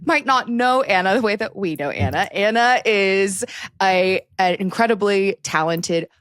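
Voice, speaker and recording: A woman's voice: medium pitch, unhurried, fairly bright tone, no room sound. A woman co-hosting a podcast, teasing and laughing as she brings in her guest. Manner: giggly, teasing, interviews the guest. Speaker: podcast co-host. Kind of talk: casual podcast chat.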